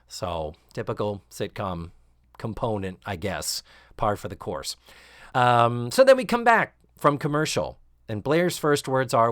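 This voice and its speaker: A man hosting a podcast, recapping a sitcom episode casually and sarcastically, acting out quoted lines in higher voices. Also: measured pace, no echo, clean studio sound. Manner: animated, sarcastic, acts out quotes with rising shrieks. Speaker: podcast host.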